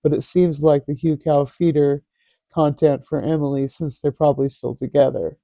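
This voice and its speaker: A man's voice: fairly high pitch, fairly even intonation, normal speed, gravelly, warm tone, no room sound. A man hosting a casual commentary vlog, reading posts aloud in a sarcastic, mocking way. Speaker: host.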